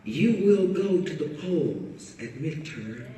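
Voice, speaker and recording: A woman's voice: deep voice, lively intonation, slow, dark tone. A woman author with a sassy, preachy manner, teasing and bantering with an audience at a book talk. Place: carpeted event room with an audience. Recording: echoey hall, voice picked up from far off.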